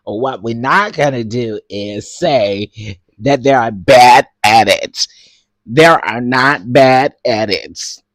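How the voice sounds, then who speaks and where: A man's voice: medium pitch, takes it slowly, no room sound, studio quality. A man hosting casual commentary, talking in a slangy, teasing way with features and frequent bursts of laughter. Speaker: commentary host.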